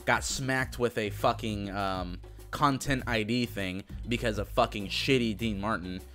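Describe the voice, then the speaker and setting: A man's voice: lowish voice, unhurried, a bit bright, soft background music. A young man ranting casually in a vlog, swearing a lot, with an exasperated, sarcastic manner. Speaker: vlogger.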